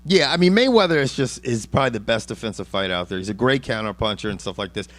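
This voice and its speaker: A man's voice: medium pitch, fast. A man hosting a casual boxing chat, cursing freely and rambling through his points with many restarts. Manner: profane, rambling, animated. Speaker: podcast host.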